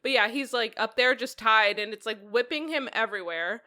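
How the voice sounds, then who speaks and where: A woman's voice: fairly high pitch, brisk, pushed and bright. A woman co-hosting a podcast, chatting and joking about a movie with easy laughter. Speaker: podcast co-host. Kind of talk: casual movie recap chat.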